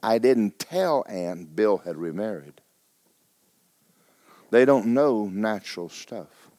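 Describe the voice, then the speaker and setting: A middle-aged man preaching a sermon as pastor, telling a personal story with stammering restarts and sudden swings between hushed and loud. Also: lowish voice, expressive, slow, no room sound.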